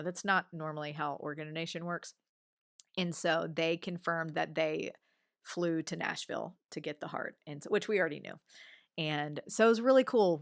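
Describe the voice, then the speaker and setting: A woman's voice: on the low side, smooth, no room sound, clean studio sound. A woman in her forties, a guest on an interview show, telling a personal story conversationally and acting out what others said. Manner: animated storyteller, acts out others' remarks.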